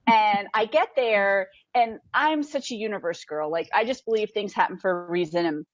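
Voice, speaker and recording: A woman guest telling an excited story, acting out quotes with big jumps in her voice. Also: medium pitch, normal speed, dry recording, lo-fi sound. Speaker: podcast guest. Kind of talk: animated storytelling.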